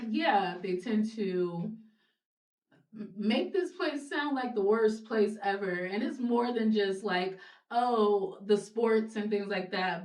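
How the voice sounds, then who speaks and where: A young woman from Ohio, a guest in a casual interview, speaking frankly and swearing freely. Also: medium pitch. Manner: frank and animated, swears freely, laughs between points. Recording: roomy sound from a distant mic.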